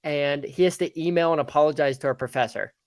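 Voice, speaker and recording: Rambling young man, slightly high voice. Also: fast talker, dry recording. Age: young adult. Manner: rambling, animated storytelling with many fillers. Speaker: podcast guest. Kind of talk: casual chat.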